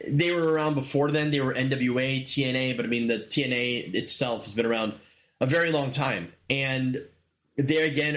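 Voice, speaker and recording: Man in his forties, show host, casual storytelling, excitable, bursts of loud energy, mid-pitched voice. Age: 40s. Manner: excited, animated retelling with sudden loud bursts. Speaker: podcast host.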